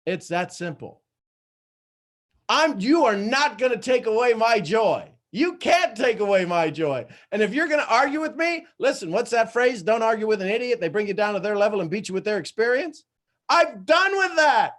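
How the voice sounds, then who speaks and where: A man in his fifties hosting a live coaching call, blunt and emphatic, swinging between loud lines and hushed ones. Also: high voice, lively intonation, moderate pace. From Ireland. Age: 50s. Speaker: host and coach.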